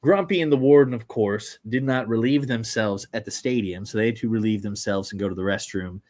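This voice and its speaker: A young man co-hosting a podcast, telling a long story in a rambling, animated way with lots of fillers. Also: lowish voice, brisk. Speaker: podcast co-host. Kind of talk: casual storytelling chat.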